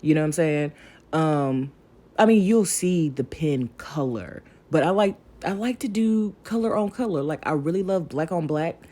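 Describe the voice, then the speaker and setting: Mellow-voiced chatty woman vlogger. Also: sits low, lively intonation, moderate pace. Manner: rambling and talkative, addresses viewers directly. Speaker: crafting channel host.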